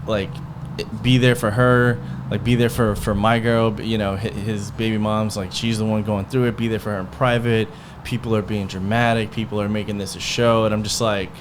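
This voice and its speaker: Speaking in a lowish voice over a slight hiss or hum, a male podcast host spins a casual, rambling tale from his own life. It's heated and full of swearing, with plenty of quoted back-and-forth.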